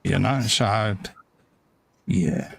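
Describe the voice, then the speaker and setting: Gravelly British man reading live chat. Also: fairly low pitch, drawn-out words, a bit bright, slight background noise. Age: middle-aged. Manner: reads chat comments aloud, bantering. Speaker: livestream host. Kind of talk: casual chat.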